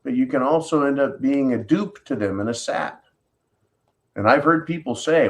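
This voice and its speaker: A man's voice: medium pitch, moderate pace. A man hosting an opinion commentary monologue, sarcastic and blunt, often tossing in "right?". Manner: sarcastic, keeps asking "right?". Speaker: host.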